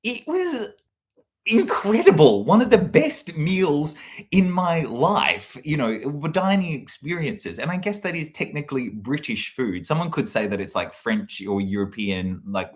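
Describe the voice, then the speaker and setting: Man, low-voiced casual host, meandering chat. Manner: meandering, animated, lots of fillers, jumps to shrill put-on quotes. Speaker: livestream host.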